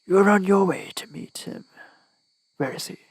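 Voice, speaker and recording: A man voicing a menacing male cutthroat in a storybook, with a low, threatening mutter. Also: a little slow, slightly rough, no room sound, full character voice.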